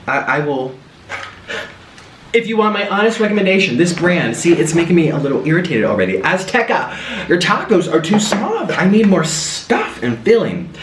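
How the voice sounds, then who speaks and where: A young man talks through a cooking vlog, his slightly high voice swinging lively up and down. He tells family stories with gasps and mimicked voices. The sound is roomy and a little distant from the mic. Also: normal speed, noisy background. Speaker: food vlogger.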